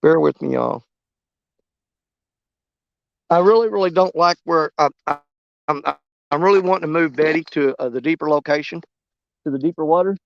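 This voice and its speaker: High-voiced man fishing outdoors. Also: normal speed, gravelly, long pauses, no room sound, dull audio. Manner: rambling, easygoing, greets viewers by name. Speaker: fishing livestream host. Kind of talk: casual live-stream chat while fishing. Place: outdoors on a riverbank.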